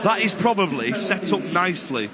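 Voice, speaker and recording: A man presents live from pitchside, upbeat and joking with his guest. His voice sits a little high. A huge stadium crowd roars behind him. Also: very animated, normal speed. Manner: upbeat, friendly banter. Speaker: pitchside reporter.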